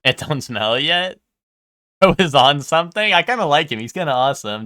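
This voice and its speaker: A man's voice: mid-range voice, expressive, normal speed, long pauses, pushed and bright, faint music behind. A man chatting casually to his viewers while streaming a video game, rambling and asking them questions. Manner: chatty, rambling, talks to chat.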